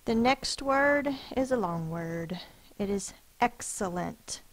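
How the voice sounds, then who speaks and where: A woman teacher slowly and patiently sounding out spelling words, letter by letter, for a class. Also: mid-range voice, lively intonation, low-quality recording. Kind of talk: phonics lesson for children.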